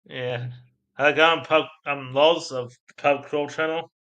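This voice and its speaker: A man's voice: fairly high pitch, fairly even intonation, measured pace, fairly bright tone. An Australian man chatting casually on a live stream, rambling between topics and laughing often at his own crude jokes. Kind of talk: casual live-stream chat, reading out viewer comments.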